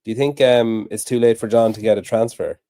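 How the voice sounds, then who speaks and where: A man's voice: fairly low pitch, steady tone, brisk, warm tone, dry recording. A man co-hosting a podcast, sarcastic and profane in casual chat. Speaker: podcast co-host. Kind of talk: casual chat watching a broadcast.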